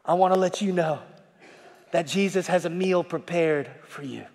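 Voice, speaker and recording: A male pastor preaching a sermon, folksy, swinging from shouting to hushed tones and calling out to the congregation. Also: fairly high pitch, moderate pace. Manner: folksy, repeats calls to the congregation. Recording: long hall reverb.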